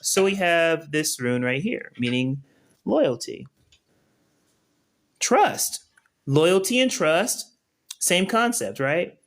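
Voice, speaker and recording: A man with a fairly high voice leads a relaxed live-stream lesson. He talks straight to his viewers and keeps asking whether they can see what he is doing. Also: slow pace. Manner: conversational, keeps checking in with viewers. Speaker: spiritual teacher. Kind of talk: casual live-stream tutorial.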